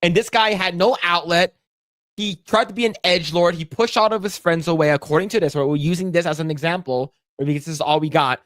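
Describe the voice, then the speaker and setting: A man co-hosting a casual podcast, talking bluntly and profanely with lively storytelling. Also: fairly high pitch, quick pace, no room sound, clean studio sound. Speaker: podcast co-host.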